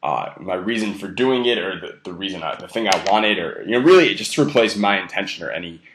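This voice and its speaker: Young man, dating coach, low voice, blunt, profane, self-amused, roomy room echo. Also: animated, quick pace, fairly bright tone, a little hiss or hum. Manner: stresses key words heavily. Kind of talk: casual instructional monologue.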